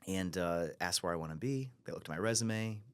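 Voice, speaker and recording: A man in his thirties from Ohio speaks as a podcast guest, his voice very low and his delivery quick. He tells his story with animation, jumping into other people's voices and restarting sentences as he goes. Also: smooth. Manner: animated storyteller who acts out quoted voices, with frequent restarts. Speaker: guest, brokerage CEO.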